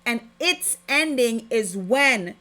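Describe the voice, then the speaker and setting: A woman's voice: on the high side, expressive, slow, bright, forceful tone. A woman hosting a podcast, giving an impassioned, preachy spiritual testimony with heavy emphasis. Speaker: podcast host.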